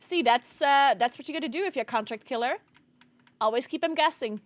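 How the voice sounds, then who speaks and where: A woman's voice: high voice, a little fast, no room sound. A woman streamer in casual live-stream chat, often laughing as she reacts to her viewers. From Italy. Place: home streaming setup.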